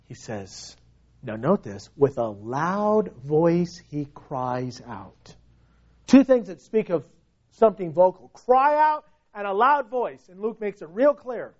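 A man preaching a sermon, dramatic, swinging from hushed words to loud cries. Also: high voice, very animated, unhurried, muffled recording.

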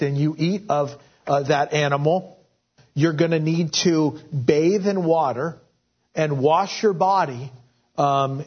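A man preaching a Bible-teaching sermon, with many fillers and restarts, whose voice rises and grows forceful when he voices God's words. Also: a little high. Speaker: pastor. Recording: dull lo-fi audio.

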